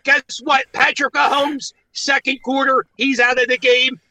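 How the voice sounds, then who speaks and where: A man's voice: very high-pitched, level tone, measured pace, pushed and bright, slight background noise, poor audio. A man from Philadelphia calling in as a guest, trash-talking and gleeful in casual banter from outdoors. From Philadelphia, USA. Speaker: phone-in guest, superfan. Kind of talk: casual phone call banter. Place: outdoors in the woods. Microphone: phone.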